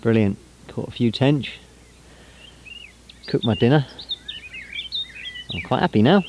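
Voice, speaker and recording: A man's voice: mid-range voice, animated, slow, darkish tone, slight background noise, rough recording. A man from England filming a casual fishing vlog outdoors by a lake, chatting and explaining his tackle step by step. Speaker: angler vlogger.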